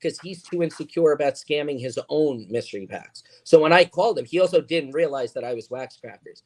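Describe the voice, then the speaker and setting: A man's voice: fairly high pitch, expressive, a little fast. A man talking as a podcast guest, emphatic and rambling with lots of fillers. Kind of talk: casual chat.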